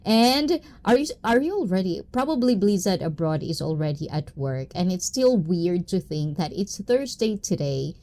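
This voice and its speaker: A woman hosts a casual livestream, greeting viewers one at a time in a bubbly, playful, giggly way, sprinkling Tagalog and Japanese into her English and leaning on frequent catchphrases. Her voice is lowish and a little mellow, with big swings in pitch. She speaks at a moderate pace with few pauses.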